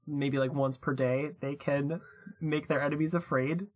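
A man's voice: fairly high pitch, fairly even intonation, moderate pace. A man co-hosting a podcast in casual chat. He talks playfully, builds silly ideas with rising glee and laughs easily at his own jokes. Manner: playful, giggly, spins absurd ideas. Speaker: podcast co-host.

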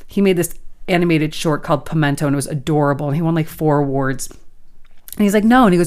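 Woman podcast co-host, lowish voice, lively casual storyteller. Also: fast talker. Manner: animated storyteller, acts out quotes. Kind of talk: casual chat.

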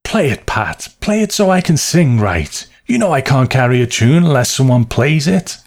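A man voicing a drunk, despairing grown man who pleads and sings hoarsely and miserably. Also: mid-range voice, very animated, normal speed, pitched above the performer's own voice. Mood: miserable.

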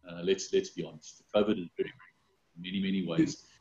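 A man with a very low, flat voice talks haltingly, full of fillers and restarts, as an interviewee. He comes through a video call that sounds roomy and dull. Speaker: company executive interviewed.

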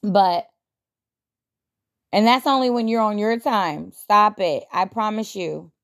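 A woman's voice: medium pitch, takes it slowly, fairly bright tone. A young adult woman hosting a podcast, talking casually and reflectively, chatty and self-deprecating with frequent laughs. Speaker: podcast host.

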